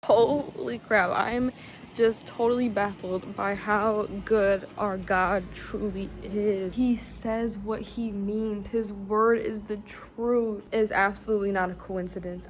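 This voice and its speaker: Brief: young adult woman, casual vlogger, excitable and gushing, mid-pitched, faint background hiss. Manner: excitable, gushing, lots of "like" and "literally". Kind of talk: casual faith vlog.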